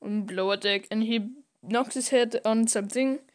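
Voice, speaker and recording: Slow-talking woman retelling a comic. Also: on the high side. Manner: retells scenes, putting on voices with many fillers. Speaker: podcast co-host. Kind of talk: casual comic recap with acted-out lines.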